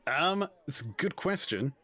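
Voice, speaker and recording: A man serving as game master on a tabletop stream, chatting with relaxed, dry asides. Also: on the high side, a little slow, slightly rough.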